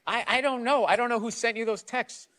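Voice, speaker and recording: A man's voice: very high-pitched, brisk, a little hiss or hum. Blunt, sweary man ranting. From United States. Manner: blunt, profane, animated ranting. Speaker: guest comedian. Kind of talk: casual interview chat.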